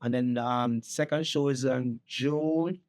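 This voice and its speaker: A man's voice: mid-range voice, steady tone, slow, darkish tone. A man from Jamaica with a Jamaican accent, a reggae musician chatting casually as an interview guest, laid-back and often saying "you know what I mean".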